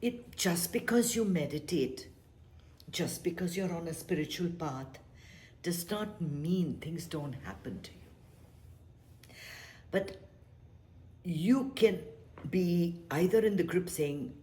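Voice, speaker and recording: A woman giving a gentle, reflective spiritual talk as a meditation teacher, sometimes dropping into a whisper. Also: lowish voice, slow, long pauses.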